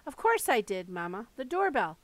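A woman's voice: on the high side, big pitch swings, moderate pace, dry recording, low-quality recording. A woman reading aloud and voicing a frightened, earnest young girl who pleads. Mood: anxious.

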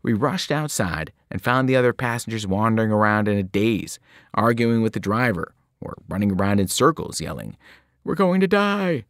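A man reading a novel aloud to students, telling the story in a lively way and breaking into sudden voiced cries. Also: on the low side, normal speed, dry recording, clean studio sound. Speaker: reader.

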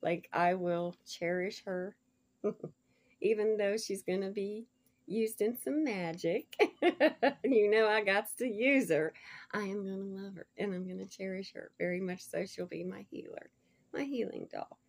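A woman talks casually to her viewers while unboxing gifts. She gushes with delight and laughs often, and sometimes sinks into soft, hushed murmurs. Her pitch sits in an ordinary middle range. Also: measured pace. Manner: gushing, effusive, laughs often, drops to soft murmurs over stones. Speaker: vlogger showing a gift package.

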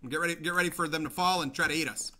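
Young male gamer, high and very bright voice, excitable commentary with yelps, faint background hiss. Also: very fast. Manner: excitable, yells and mutters to viewers, repeats himself. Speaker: gaming channel host. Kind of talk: let's play commentary.

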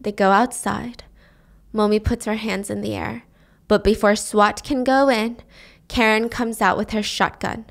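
A woman's voice: medium pitch, unhurried, vocal fry. A woman hosting a podcast, animatedly retelling a thriller plot in a casual way. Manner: animated retelling with voiced quotes. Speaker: podcast host. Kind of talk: casual story recap.

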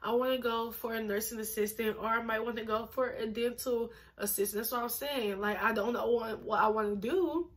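A woman's voice: a little high, fairly quick, few pauses. A woman of twenty, pregnant and a little out of breath, chatting casually to camera as a vlogger, emphatic and full of fillers. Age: 20s. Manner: chatty, emphatic, uses lots of fillers and laughs.

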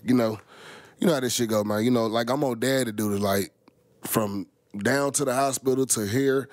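A middle-aged man rants loosely at his viewers, swearing and rambling in thick slang. His voice sits at an ordinary pitch and sounds dry and close, with no room echo. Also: fairly even intonation, moderate pace. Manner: profane, rambling, heavy slang. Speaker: vlogger. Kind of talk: casual rant to viewers.

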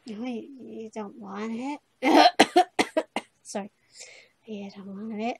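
A young woman co-hosting a game playthrough, eager and giggly, her voice a bit croaky. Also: a little high, takes it slowly. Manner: giggly, eager, loud bursts when excited. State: voice going croaky. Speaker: let's play co-host. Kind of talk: casual game commentary.

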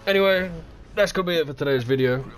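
A man's voice: a little high, quick pace. A man giving live gameplay commentary, swearing and trash-talking as he reacts to the match. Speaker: gaming commentator.

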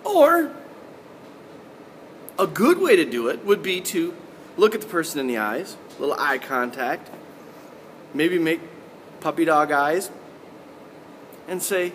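Animated male school announcer, lively pitch. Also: measured pace, pauses often, in a large hall, slight background noise. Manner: animated and playful, acting out examples. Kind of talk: morning announcements to pupils.

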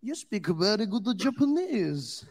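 A man's voice: sits high, lively intonation, a little slow, a little mellow, voice pushed up. A man voicing a polite Japanese man who speaks formal, clipped English with a Japanese accent. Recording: noisy stand-up recording.

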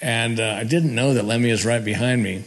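A man's voice: medium pitch, a little fast. A man telling a rambling personal story in a casual way, chuckling now and then. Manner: rambling, laughing, restarts. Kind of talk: casual spoken recollection.

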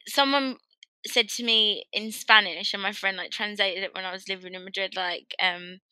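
A young woman from England with an English accent, chatting casually on a podcast and telling stories in an animated way, acting out what people said. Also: mid-range voice, normal speed, smooth, no room sound, poor audio. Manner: animated storyteller, acting out quoted voices. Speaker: podcast co-host. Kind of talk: casual chat.

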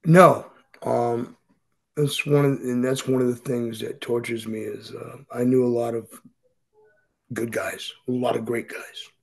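A man's voice: mid-range voice, level tone, measured pace, gravelly, husky, poor audio. A middle-aged man, speaking as a podcast guest and telling his story bluntly and profanely. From Boston. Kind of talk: candid storytelling interview.

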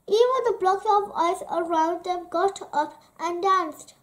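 A woman reads a children's storybook aloud, gentle and expressive. Her voice sits high, and she takes every phrase very slowly, pausing between them. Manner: slow, gentle, expressive reading. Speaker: storybook reader.

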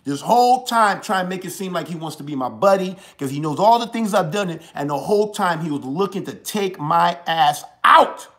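A man in his forties hosting a live show, delivering a preachy, impassioned monologue. He repeats his points, dropping to a hush and then rising to forceful emphasis. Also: high-pitched, animated, normal speed, hardly any pauses. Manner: preachy, swings from hushed to forceful, repeats lines.

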